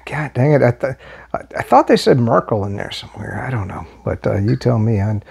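An older American man doing rambling, casual political commentary as a vlog host, halting with many fillers and restarts, blunt in tone. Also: mid-range voice, sing-song, gravelly, darkish tone, husky. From United States.

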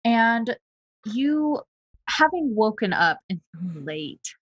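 A woman's voice: on the high side, big pitch swings, extremely slow, husky, no room sound, dull audio. A woman narrating as game master in an online tabletop game, with dry, wry asides.

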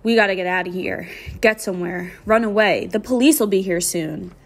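A nervous teenage boy on the run speaks with urgent tension, read by a woman. His lines come hurried and worried. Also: medium pitch, vocal fry.

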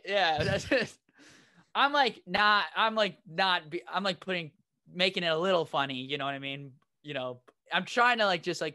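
A man's voice: high voice, sharp tone, dry recording, clean studio sound. A man co-hosting a comedy podcast, telling a rambling anecdote and laughing as he goes. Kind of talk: casual storytelling.

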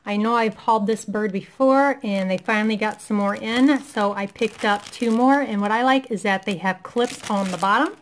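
A woman's voice: medium pitch, normal speed, hardly any pauses, a little hiss or hum. A woman in her thirties, a parent, chatting through a shopping haul in a casual vlog, enthusiastic and gushing, losing her voice a little. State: losing her voice, clearing throat. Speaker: vlogger showing a shopping haul.

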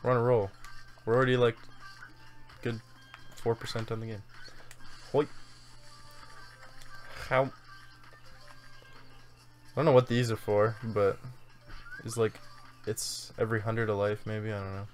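A man's voice: on the low side, level tone, unhurried, long pauses, faint music behind. A young man hosting a casual let's-play, laid-back and joking, laughing often and swearing casually. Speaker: host.

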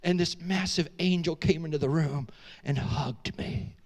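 Man, middle-aged, high voice, church sermon, dramatic storytelling, frequent restarts. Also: a little slow, lo-fi sound. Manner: animated, dramatic storytelling with many restarts, asks the audience questions. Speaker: guest preacher. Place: church sanctuary.

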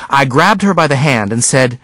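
A man's voice: expressive, normal speed, a bit bright, no echo. A man reading a novel aloud as scripted audiobook narration, acting out the characters' lines. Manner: acts out each character's lines with raised pitch.

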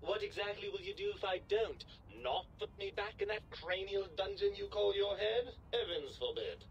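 A man's voice: high voice, lively intonation, normal speed, dull audio. A man voicing a pompous, sarcastic disembodied brain in a jar that talks down to its owner in a video game. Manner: sarcastic, fussy and condescending.

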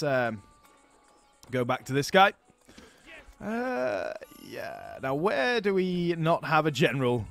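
A man hosting a strategy game let's play, chatting casually and thinking aloud, getting excited over his battles. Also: a little high. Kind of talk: casual gameplay commentary.

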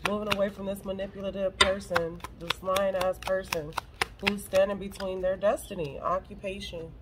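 A woman's voice: medium pitch, flat delivery, normal speed, heavy background noise. Teary, profane woman reading tarot. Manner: blunt and profane, emotional, swears freely. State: on the verge of tears. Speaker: tarot reader. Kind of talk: casual tarot reading to camera.

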